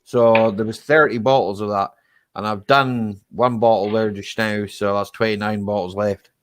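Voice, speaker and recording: A man's voice: lowish voice, steady tone, normal speed, slight background noise. Chatty Scottish man hosting a chat. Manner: chatty, rambling, peppers talk with "eh?" and "right?". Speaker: livestream chat host. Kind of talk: casual chat.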